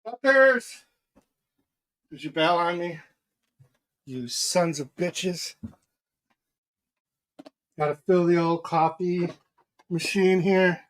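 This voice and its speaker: A slightly high-voiced man rambles through live watch-party commentary from home, swearing freely. He talks at an unhurried, drawn-out pace. The sound is dry and close, with no room echo. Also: steady tone. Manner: profane, rambling, chatty asides. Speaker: live stream host.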